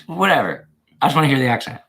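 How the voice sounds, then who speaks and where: An American man hosting a casual live chat, loud and joking, swearing often and trying mock accents. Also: mid-range voice, big pitch swings, quick pace, vocal fry. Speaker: host.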